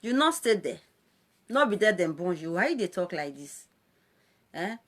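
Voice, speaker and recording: A woman's voice: on the low side, unhurried. A woman with a Nigerian Pidgin accent, talking playfully and animatedly in a casual live-stream monologue as a social media presenter. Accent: Nigerian Pidgin English. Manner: animated, playful, frequent laughs and exclamations.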